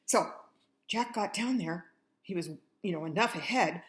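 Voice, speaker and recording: A woman's voice: fairly low pitch, lively intonation, normal speed, a bit bright. An older woman, a grandmother, telling a children's fairy tale in a chatty way, talking straight to the kids. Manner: chatty, talks directly to children. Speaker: grandmother storyteller. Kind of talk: children's story reading.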